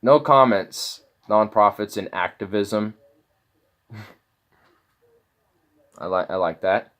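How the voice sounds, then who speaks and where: A man with a fairly low voice talks through someone else's videos in a casual, sneering way. He swears often and sounds openly incredulous at what he finds. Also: slow pace, fairly bright tone. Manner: mocking, incredulous, swears a lot. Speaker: commentator reacting to videos. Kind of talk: casual reaction commentary.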